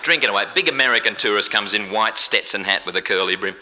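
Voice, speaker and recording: A man with an Australian accent telling jokes in a chatty, quick live stage comedy routine. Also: on the low side, heavy background noise. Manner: quick, chatty joke-telling with broad comic asides. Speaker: entertainer. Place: live theatre show.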